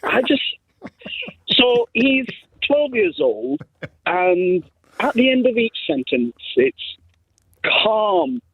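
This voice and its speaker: A man's voice: extremely high pitch, animated, takes it slowly, gravelly, long pauses, slightly rough, no echo. A man from Lancashire with a Lancashire accent, calling a radio show, chatty and exasperated. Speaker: caller. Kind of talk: phone-in call. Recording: tinny phone line.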